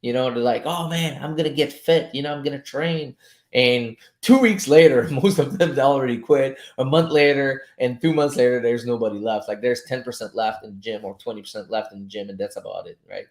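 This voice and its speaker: A man's voice: mid-range voice, fairly quick, few pauses, a little mellow. Chatty male trading coach, roomy sound. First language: French. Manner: loose and chatty, swears casually, chuckles often. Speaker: trading coach streaming live. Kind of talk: casual live-stream chat while reading charts. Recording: roomy echo.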